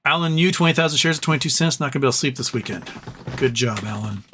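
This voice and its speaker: Worn out and with his voice fading, a man runs a casual live stream, reading viewers' comments aloud and replying. His delivery is rapid-fire, medium in pitch and fairly bright, with slight background noise.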